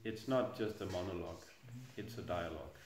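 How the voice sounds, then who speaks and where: A man's voice: deep voice, a little fast, a little mellow. A middle-aged man giving an informal scripture class in a temple hall, speaking hesitantly and chuckling at his own jokes. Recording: echoey room.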